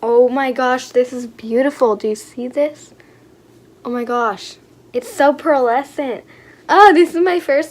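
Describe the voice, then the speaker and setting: A young woman excitedly unboxing toys for her vlog, gushing and gasping with lots of fillers. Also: a little high, slow. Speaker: vlogger.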